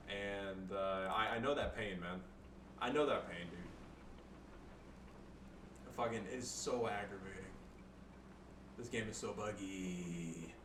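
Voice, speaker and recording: A man replays his own strategy game matches and commentates loosely, crudely joking and swearing often in a mid-range, fairly bright voice. He's far from the mic in an echoey room, with faint background noise.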